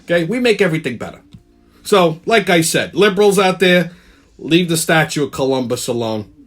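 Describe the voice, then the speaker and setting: Brash male host, high lively voice, swearing tough-guy rant. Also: moderate pace. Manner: brash tough-guy delivery, keeps asking "okay?"; heavy swearing. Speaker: channel host. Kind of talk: profane comedic rant to camera.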